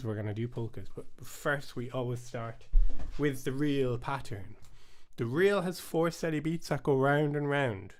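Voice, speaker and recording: A man hosting a live-streamed bodhrán lesson, chatty and upbeat, chanting rhythm syllables aloud, with his voice starting to rasp. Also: fairly high pitch, a little mellow. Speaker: bodhrán teacher and channel host.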